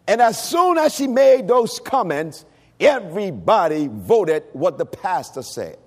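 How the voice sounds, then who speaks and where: A middle-aged male pastor preaching a sermon, breaking into shouts and sung, rising phrases. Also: high voice, very animated, measured pace. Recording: long hall reverb.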